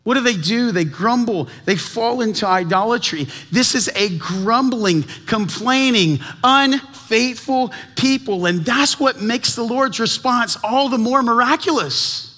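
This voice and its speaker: A man's voice: very high-pitched, lively intonation, measured pace, few pauses, sharp tone. A man preaching a sermon as teaching pastor, earnest and full of rhetorical questions, often repeating words as he presses a point.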